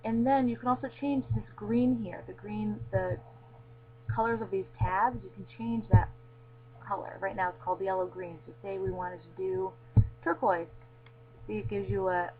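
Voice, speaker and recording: A woman's voice: mid-range voice, moderate pace. Woman narrating a tinny screencast tutorial. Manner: casual, frequent ums. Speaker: tutorial presenter. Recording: tinny lo-fi mic with faint hum.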